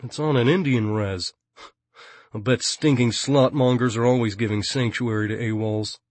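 A man's voice: medium pitch, fairly even intonation, moderate pace, darkish tone, dry recording, lightly acted. A man voicing a cheerfully menacing adult bounty hunter in an audiobook, taunting and mock-cheerful. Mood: smug. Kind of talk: audiobook character reading.

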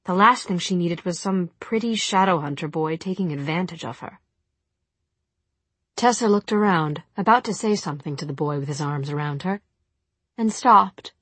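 A woman narrating a novel as an audiobook, with a steady, expressive reading. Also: on the low side, normal speed, slightly rough, dry recording.

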